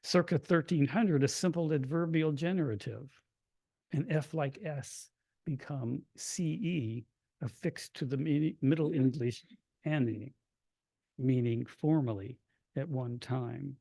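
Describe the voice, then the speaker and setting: A man from Kentucky, a poet, reading his poems aloud in a hushed, measured way, with brighter chatty asides to an audience between them. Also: mid-range voice, gravelly, no room sound. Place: reading event before an audience.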